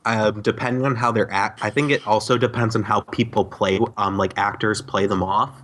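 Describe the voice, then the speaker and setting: A man co-hosting a casual podcast, with sardonic, profane humor and halting speech full of ums. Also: fairly low pitch, steady tone, a bit bright, slight background noise. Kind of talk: casual group podcast chat.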